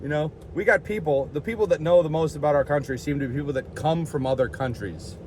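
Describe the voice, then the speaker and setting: A man's voice: fairly high pitch, fast talker, darkish tone, a little hiss or hum. Rambling, jokey vlogger man. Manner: jokey, rambling, self-mocking, over the top. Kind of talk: casual rambling vlog.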